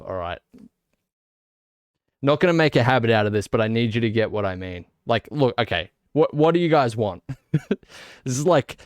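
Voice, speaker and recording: A man chatting casually on a live stream, excitable and laughing at his own jokes. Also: mid-range voice, moderate pace, no echo, clean studio sound.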